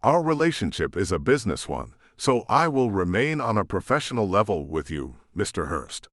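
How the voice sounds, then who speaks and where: A male narrator voicing a guarded, businesslike young woman on a phone call, crisp and formal. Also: lowish voice, sing-song, moderate pace, fairly bright tone, no echo, studio quality.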